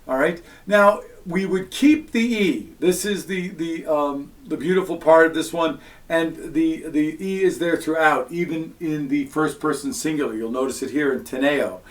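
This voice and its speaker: A man's voice: on the high side, normal speed, hardly any pauses. A man teaching a Latin grammar lesson, explaining step by step in a patient way, with frequent fillers between points. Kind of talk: recorded classroom lesson.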